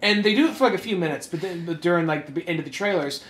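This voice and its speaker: A young man co-hosting a casual podcast chat. His voice sits high and sounds bright and sharp. The room around him is echoey. He tells stories in an animated way and throws in sudden shouted impressions. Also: rapid-fire. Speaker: podcast co-host.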